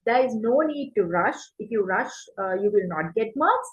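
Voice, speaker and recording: A woman's voice: a little high, lively intonation, moderate pace, highs cut off. A woman teacher giving an exam-prep lesson, explaining step by step, asking and answering her own questions and checking in with "right?" between points. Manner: frequent fillers and checks like "right?". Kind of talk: online class lecture.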